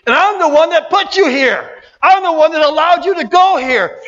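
Male preacher, high voice, fervent, colloquial, repeats lines, long hall echo, muffled sound. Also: moderate pace. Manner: fervent, repetitive, colloquial preaching with sudden shouts. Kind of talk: sermon.

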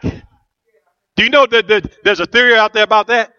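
A man's voice: high voice, steady tone, moderate pace, long pauses, bright, forceful tone, smooth, highs cut off. A middle-aged man preaching a rousing sermon as pastor, asking the church questions and answering them.

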